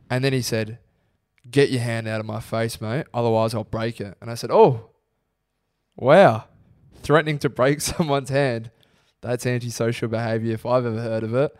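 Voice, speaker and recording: A young Australian man co-hosting a podcast, telling a story with lively quoted voices. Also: fairly low pitch, fairly quick, clear, resonant tone, no room sound, studio quality. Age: young adult. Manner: animated storyteller acting out quotes. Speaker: podcast co-host. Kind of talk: casual podcast chat.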